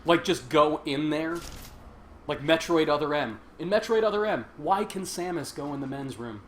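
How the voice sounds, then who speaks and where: With a slightly high, expressive voice at normal speed, a man jokes and laughs his way through a casual game stream, commenting as he plays. He's chatty throughout, and faint game noise can be heard behind him.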